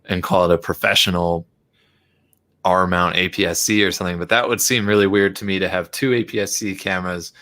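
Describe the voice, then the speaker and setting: Deep-voiced man explaining camera gear. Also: steady tone, a little fast, sharp tone. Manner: thoughtful, explains gear opinions at length. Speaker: camera shop co-host. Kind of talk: casual shop talk on a video call.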